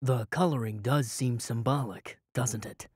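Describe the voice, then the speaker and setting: A man reading an audiobook, voicing a calm, tired, formal young male wizard in a lower voice. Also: slow pace, slightly rough, no room sound, clean studio sound. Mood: weary calm. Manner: overly calm, tired, prim.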